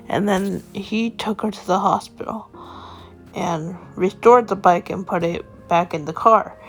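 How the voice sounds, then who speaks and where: A woman's voice: mid-range voice, unhurried, soft background music. A woman casually narrating an improvised story in a rambling, home-made way.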